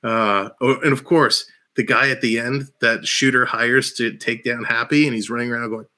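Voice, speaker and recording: Guy on a headset doing a chill live stream, bright voice, keeps laughing and rambling on. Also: mid-range voice, fairly even intonation, moderate pace. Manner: laughs often, rambling and enthusiastic. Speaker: livestream host. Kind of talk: casual live-stream chat. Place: small room at home.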